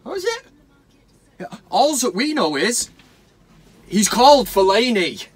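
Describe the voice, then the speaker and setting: A man's voice: extremely high pitch, sing-song, slow, breathy edge, no echo. A man hosting a comic football fan vlog, swearing and mock-sentimental. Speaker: fan channel host. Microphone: camera mic.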